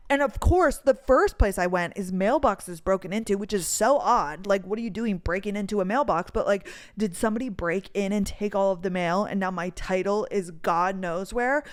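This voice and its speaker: A woman's voice: mid-range voice, normal speed, hardly any pauses. A young woman telling a frustrating story in a casual, exasperated rant, swearing freely and saying "like" a lot. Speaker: podcast host. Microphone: voice memo recording.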